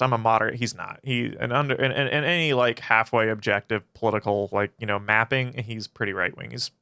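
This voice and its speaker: A man's voice: medium pitch, sharp tone, clear, resonant tone, dry recording, studio quality. A man casually answering chat questions on a livestream, swearing often and rambling through his answers. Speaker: philosophy channel streamer.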